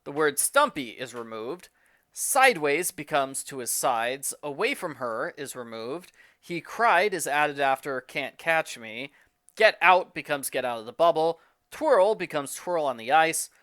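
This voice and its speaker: Man, brisk matter-of-fact reading, lively pitch, bright tone, dry close sound. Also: no room sound. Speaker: book reviewer listing edits. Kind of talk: reading a list of text changes.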